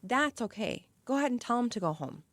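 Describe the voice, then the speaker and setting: A woman's voice: a little high, sing-song, a little fast, no echo. A woman co-hosting a casual true-crime podcast, giving emphatic opinions and personal stories. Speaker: podcast co-host.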